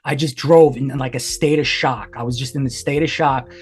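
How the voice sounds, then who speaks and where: A man's voice: medium pitch, steady tone, normal speed, breathy edge. A man in his forties, a podcast guest, telling his own story in a candid, intense way, swearing often and filling his talk with "like.". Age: 40s. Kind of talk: emotional personal storytelling.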